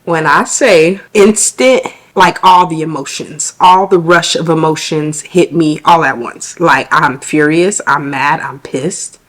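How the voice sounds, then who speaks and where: A young woman, a stay-at-home mom vlogging to camera in a chatty, animated way with lots of fillers. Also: sits low, unhurried, hardly any pauses. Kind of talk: casual chat to camera.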